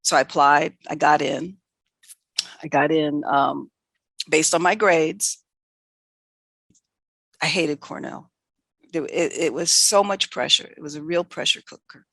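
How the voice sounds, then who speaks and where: An older woman from New York City, a veterinarian guest telling candid, animated stories from her career with lots of quoted dialogue. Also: low-pitched, unhurried, vocal fry, long pauses, dry recording. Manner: animated, self-correcting anecdotes with quoted dialogue. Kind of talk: candid conversational storytelling.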